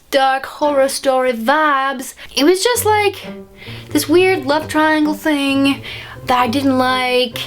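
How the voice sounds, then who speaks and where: A woman's voice: sits high, a bit bright. A woman chatting casually about books in a review vlog, slangy and playful, with lots of "like" fillers. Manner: chatty and slangy, with frequent likes and playful asides. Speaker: book vlogger. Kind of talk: casual book review chat.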